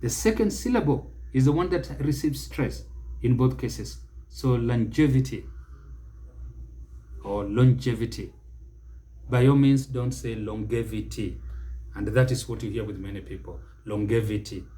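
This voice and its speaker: A man with a Kenyan accent teaching English pronunciation, speaking deliberately and repeating each word for emphasis. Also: medium pitch, animated, mellow.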